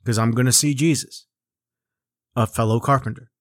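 A man's voice: mid-range voice, fairly even intonation, moderate pace, no room sound, clean studio sound. Rambling, profane man in his forties. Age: 40s. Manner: rambling, profane, self-mocking, with lots of restarts and riffs. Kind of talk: comedic casual chat.

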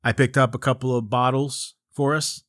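A man's voice: mid-range voice, little pitch movement, normal speed, fairly bright tone, dry recording, clean studio sound. Rambling, profane man in his forties. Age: 40s. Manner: rambling, profane, self-mocking, with lots of restarts and riffs. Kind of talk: comedic casual chat.

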